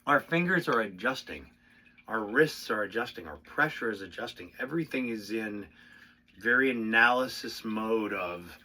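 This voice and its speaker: A man with a bright, forceful voice teaches drumming in a loose, casual way. He drops to quiet asides, then jumps to loud, excited bursts. Faint noise sits under his voice. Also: lowish voice. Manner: animated, swings between soft asides and loud bursts. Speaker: drum instructor.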